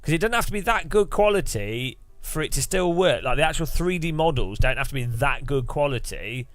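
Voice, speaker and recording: A man's voice: a little high, lively intonation, a little fast, dry recording, soft background music. A British man chatting casually on a live stream, rambling through his thoughts with lots of restarts and fillers.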